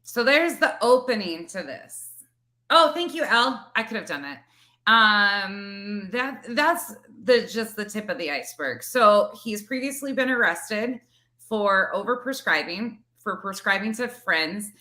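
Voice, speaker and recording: Bright-voiced woman hosting a commentary. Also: mid-range voice, lively intonation, unhurried. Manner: chatty, breaks off with asides. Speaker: commentary channel host. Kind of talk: casual commentary.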